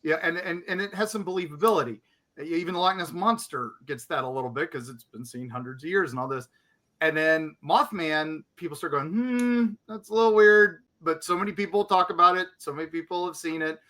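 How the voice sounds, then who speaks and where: A man's voice: a little high, a little fast, pushed and bright. A man co-hosting a podcast, chatting casually and animatedly, acting out other people's reactions as he tells a story.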